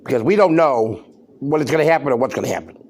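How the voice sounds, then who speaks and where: A podcaster with a medium-pitched voice and vocal fry talks fast and animatedly. He rants loudly, worked up and emphatic, tossing out rhetorical questions.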